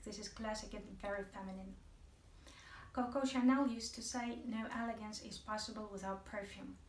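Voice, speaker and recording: A woman's voice: fairly high pitch, distant mic. A woman teaching an English video lesson, chatty and playful, speaking straight to her viewers. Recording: echoey room, voice from off the mic.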